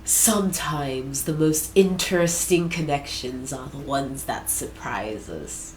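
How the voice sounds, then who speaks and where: Woman voicing a seductive female AI companion, low and sultry, soft and slow, echoey room. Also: a little hiss or hum.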